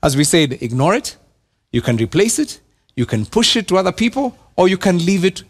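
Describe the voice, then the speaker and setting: A pastor with a Kenyan accent preaching a sermon in church, animated, repeating words and dropping to a hush for emphasis. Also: male voice, high voice, fairly quick, slightly rough.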